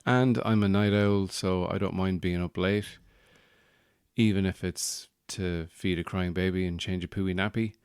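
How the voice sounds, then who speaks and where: Low-voiced man, dry joking host. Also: fairly even intonation, measured pace, darkish tone, smooth, no echo. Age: young adult or middle-aged new father. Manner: dry, self-deprecating, joking. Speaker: podcast host. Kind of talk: casual monologue.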